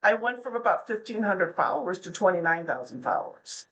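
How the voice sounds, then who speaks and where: A woman's voice: mid-range voice, sing-song, a little fast, a bit bright, a little hiss or hum, low-quality recording. A middle-aged woman, a podcast guest, chatting casually and telling stories, often slipping into the voices of the people she quotes. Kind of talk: casual interview chat.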